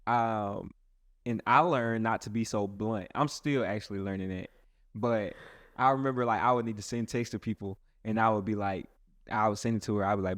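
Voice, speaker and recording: A man's voice: lowish voice, steady tone, fairly quick, a bit bright, no echo, clean studio sound. A man who is a pastor, talking earnestly and casually in a rambling way with many restarts. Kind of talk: casual podcast chat.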